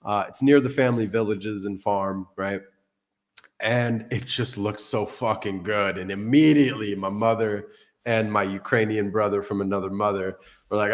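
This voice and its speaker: A man's voice: lowish voice, steady tone, normal speed. A man hosting a casual livestream, rambling and joking between tech tips, swearing casually. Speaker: crypto livestream host. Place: Portugal.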